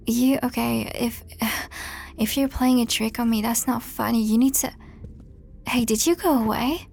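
A young woman performing an audio role-play to the listener, sarcastic and profane, often dropping into a breathy whisper. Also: on the high side, unhurried, a little mellow, faint music behind.

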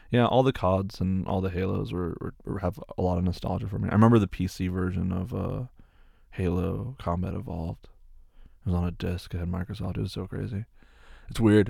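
Low gravelly man answering fan questions. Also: warm tone, no room sound, clean studio sound. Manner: rambling, repeats words, swears freely. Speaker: creator answering viewer questions. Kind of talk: casual Q&A chat.

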